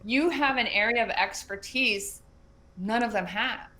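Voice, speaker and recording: A woman speaking as a podcast interview guest, chatty and animated, with frequent fillers and restarts as she shares advice from her work as an educator and mentor. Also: on the high side, a little slow. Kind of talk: casual conversational interview.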